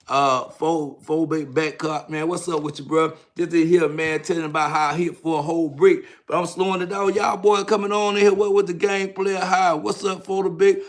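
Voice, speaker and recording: A man's voice: on the high side, fairly even intonation, moderate pace, few pauses. A man in his fifties from Georgia with a Southern accent, hosting a casual livestream and telling stories in slangy, hyped talk. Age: 50s. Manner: hyped, slangy, repeats "know what I'm saying". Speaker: livestream host, author.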